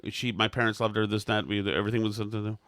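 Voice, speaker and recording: A man's voice: on the low side, flat delivery, rapid-fire, a bit bright, no echo, clean studio sound. A man co-hosting a comedy podcast, telling long self-mocking anecdotes in a rambling way. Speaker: podcast co-host. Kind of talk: comedic storytelling chat.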